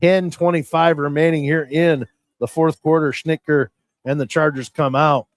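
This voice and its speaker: A man giving folksy, rambling play-by-play commentary on a high school football game, often correcting himself. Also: fairly even intonation, moderate pace, no room sound. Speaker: play-by-play announcer.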